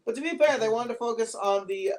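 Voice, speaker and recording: A podcast co-host chatting casually about movies, animated and acting out quotes. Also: fast talker. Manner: animated, acts out quotes with big pitch jumps.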